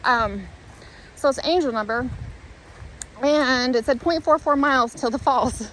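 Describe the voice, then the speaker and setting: A woman's voice: a little high, animated, moderate pace, a bit bright, a little hiss or hum, rough recording. Earnest woman vlogging on a trail. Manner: earnest, rambling, self-reflective, thinks aloud. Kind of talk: reflective walking vlog. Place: outdoors on a hiking trail.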